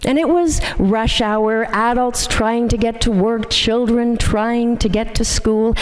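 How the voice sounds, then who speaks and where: A woman minister delivering a sermon, telling a story in a measured, gentle way. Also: a little high. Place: church sanctuary. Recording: long hall reverb in a church.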